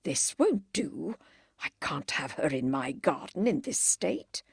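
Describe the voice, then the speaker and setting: A woman voicing a stern, proud Edwardian gentleman who speaks in a clipped, cold and biting way. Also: sits low, very animated, slow, creaky, husky, no echo, studio quality, pitched below the performer's own voice, heavily acted.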